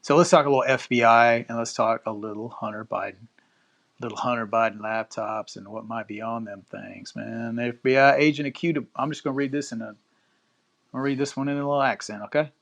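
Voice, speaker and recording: A man's voice: medium pitch, fairly even intonation, fairly quick, vocal fry, a bit bright. A man hosting a live-stream podcast, chatting casually with listeners and reading news aloud with loose, profane asides. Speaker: podcast host.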